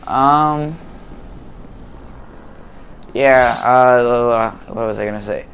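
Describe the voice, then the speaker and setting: A man's voice: mid-range voice, drawn-out words, fairly bright tone, a little hiss or hum. A man giving casual, rambling voice-over commentary on gameplay footage, full of fillers and restarts, recorded at home.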